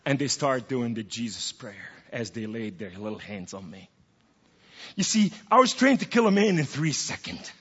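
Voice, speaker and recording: A man's voice: mid-range voice, sing-song, moderate pace, breathy edge. Man preaching in an echoey hall. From Middle East. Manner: theatrical, swings from hushed to loud outbursts. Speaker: guest speaker giving testimony. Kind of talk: dramatic preaching testimony. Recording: dull, echoey hall recording.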